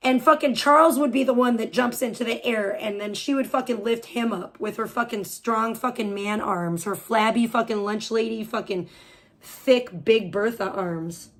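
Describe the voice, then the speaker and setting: A woman's voice: a little high, moderate pace. A woman live streamer ranting crudely, hurling insults and rambling on. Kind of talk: profane livestream rant.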